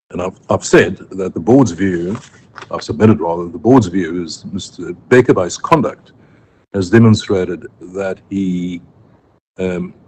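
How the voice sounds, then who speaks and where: A South African advocate addresses a judge in a courtroom, presenting a formal legal argument in a low, darkish voice. He is measured and careful but often says "um" and corrects himself. The low-quality live court stream carries faint room noise.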